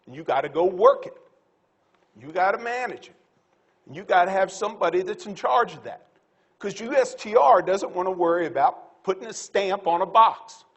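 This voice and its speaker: A man speaking as a panelist at a livestock conference, blunt and folksy, animated, with quick quips. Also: high-pitched, breathy edge.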